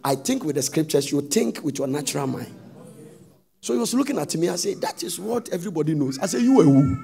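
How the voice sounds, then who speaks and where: A man preaching a sermon, telling stories and rising into sudden loud sung-out phrases. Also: on the high side, animated, fairly quick, vocal fry.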